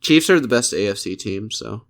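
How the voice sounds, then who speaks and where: A man's voice: on the low side, expressive, moderate pace. A man co-hosting a casual sports podcast, laughing often and swearing casually. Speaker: podcast co-host.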